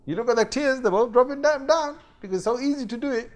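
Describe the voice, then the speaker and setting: Animated high-voiced male lecturer. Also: fast talker. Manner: animated, acts out quoted voices and fake crying. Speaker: Islamic teacher. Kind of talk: lecture on a scripture story.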